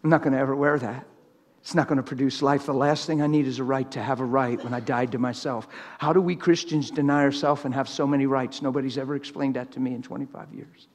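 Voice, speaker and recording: A man's voice: mid-range voice, steady tone, fast, long reverb tail. A middle-aged man preaching a live sermon in a church, plain-spoken and teasing, laughing along with the crowd.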